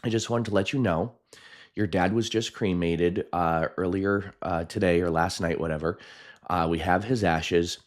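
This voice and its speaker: Offhand funeral lady on the phone, guy with a deep voice just quoting her. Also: steady tone, moderate pace, natural voice. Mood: matter-of-fact. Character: brisk woman funeral director on the phone.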